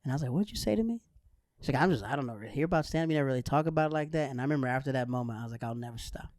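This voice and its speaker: A man from Florida hosting a podcast, telling lively anecdotes in casual chat and acting out the people in them. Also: mid-range voice, racing, no room sound, studio quality. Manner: animated anecdotes with lively voiced quotes. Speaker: podcast host.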